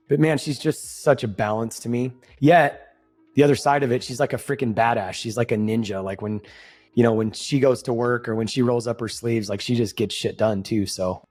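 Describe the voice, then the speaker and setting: A man's voice: on the low side, darkish tone. A middle-aged man co-hosting a podcast, talking in a rambling, heartfelt way and swearing casually. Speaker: podcast co-host. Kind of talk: casual chat.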